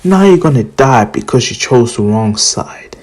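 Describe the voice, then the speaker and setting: A man's voice: animated, normal speed, darkish tone. A man voicing a taunting young male villain leader in a casual fan retelling, with a mocking, raised voice. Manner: sneering, mocking, higher-pitched put-on voice.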